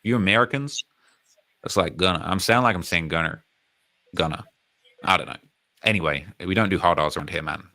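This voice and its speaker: A man's voice: deep voice, brisk, pauses often. A British man hosting a live stream, commenting casually and emphatically on rap news and reading out chat comments. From United Kingdom. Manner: animated, emphatic, repeats phrases, reads comments aloud.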